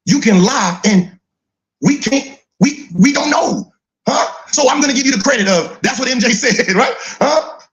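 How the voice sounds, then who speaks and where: High, lively teasing man. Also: measured pace. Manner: teasing, laughs often, repeats "huh?". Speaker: podcast co-host reacting to clips. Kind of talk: casual mocking commentary.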